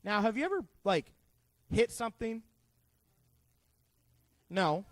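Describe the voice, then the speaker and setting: A man with a strikingly high voice leads a youth group Bible lesson. He is animated and joking, full of asides and questions for the kids. The sound is dry, with no room echo. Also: takes it slowly. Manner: playful and joking, quizzing the kids. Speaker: youth pastor.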